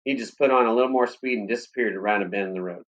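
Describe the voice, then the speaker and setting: A man reading a story aloud in steady, plain audiobook narration. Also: lowish voice, racing, muffled recording.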